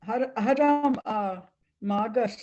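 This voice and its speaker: Hesitant student, slow, in an echoey room. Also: medium pitch, darkish tone. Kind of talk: answering in class. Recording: echoey, dull sound.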